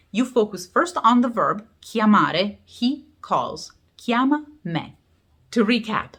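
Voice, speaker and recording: Lively Italian-accented woman teaching grammar. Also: medium pitch. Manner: lively, emphatic teaching with slow spelled-out examples. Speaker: language teacher. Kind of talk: explanatory grammar lesson.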